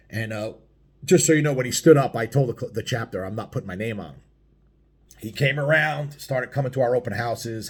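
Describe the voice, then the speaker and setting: A middle-aged American man tells a biker story in a casual vlog, swearing a lot and rambling with plenty of fillers. His voice is husky and sits on the low side.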